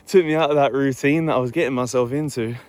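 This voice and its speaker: A young man with an Essex accent chats to camera while out walking in the early morning. He talks in a loose, laid-back ramble and swears without a second thought. His pitch sits in the ordinary middle range for a man. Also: fairly quick, no echo. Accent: Essex English. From Essex, England. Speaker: fitness vlogger. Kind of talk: casual vlog talk. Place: outdoors on an early morning walk.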